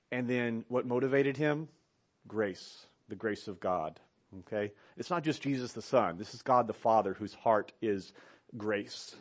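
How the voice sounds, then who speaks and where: A male pastor, maybe in his thirties, preaching a sermon. He tells animated stories and keeps checking in with "right?". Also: mid-range voice. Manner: animated storytelling with a pulpit cadence, asking "right?" often.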